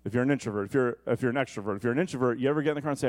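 A man preaching a sermon, animated and conversational, often asking the congregation questions. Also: mid-range voice, rapid-fire.

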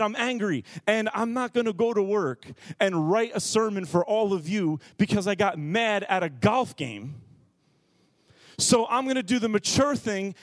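Animated self-mocking preacher man. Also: sits high, dry recording, studio quality. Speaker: pastor. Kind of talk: sermon storytelling.

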